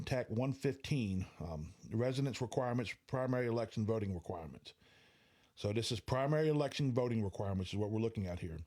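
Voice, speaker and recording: A man explains election law to viewers. He talks emphatically, slows down to stress key words and restarts his sentences often. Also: mid-range voice, darkish tone.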